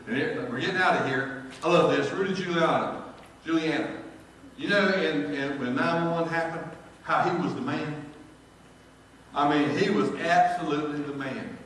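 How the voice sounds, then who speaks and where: Man, pastor, folksy storytelling sermon, bright forceful voice, higher pitch, long church reverb. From North Carolina, US. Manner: folksy, jokey, builds to shouted praise. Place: large church sanctuary. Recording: echoey church hall from far off.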